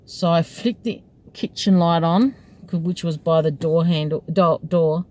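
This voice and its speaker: A woman's voice: lowish voice, steady tone, a little slow, warm tone, poor audio. A woman, a taxi driver, telling a story from her night in a casual, chatty way and breaking into laughter often.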